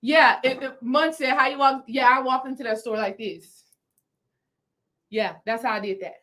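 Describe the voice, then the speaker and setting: A woman with a fairly high voice tells a story live to her viewers. She is animated and addresses them directly, often repeating a phrase for emphasis. She speaks as a spiritual healing coach. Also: normal speed. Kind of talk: livestream storytelling to chat.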